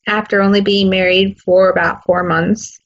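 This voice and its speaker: A woman's voice: medium pitch, little pitch movement, moderate pace. Earnest woman on muffled audio. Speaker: interview guest, advocate. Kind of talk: interview answers.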